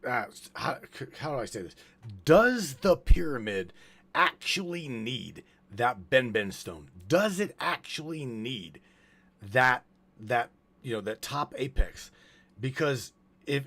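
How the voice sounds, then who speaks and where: Stammering excitable male host. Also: on the high side, breathy edge. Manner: halting, stammers and restarts, grows excitable. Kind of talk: casual live broadcast chat.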